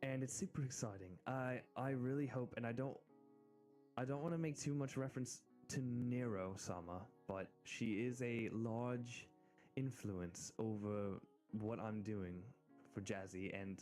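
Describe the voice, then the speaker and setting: An American man talks casually to his stream in a mellow, relaxed voice. He rambles, restarts his sentences and giggles often. Quiet music plays faintly in the background. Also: medium pitch, unhurried. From United States. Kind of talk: casual live-stream chat.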